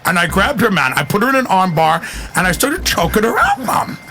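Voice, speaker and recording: A man's voice: sits high, huge pitch swings, a little fast, background noise. A man voicing a sheepish man confessing on a video, rambling and addressing his mom. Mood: mock apologetic.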